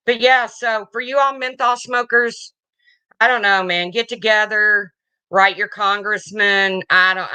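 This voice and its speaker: A woman's voice: on the low side, pushed and bright, clean tone. A woman hosting a casual livestream, chatting and answering viewer comments as they come in. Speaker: livestream host.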